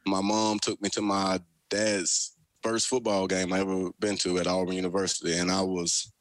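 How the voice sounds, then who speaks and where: A young pro football player from Alabama, speaking with a Southern American accent, tells stories as a guest in a casual radio interview. His voice sits low and moves at a normal speed, and he comes across as an animated, folksy storyteller. The recording is dry.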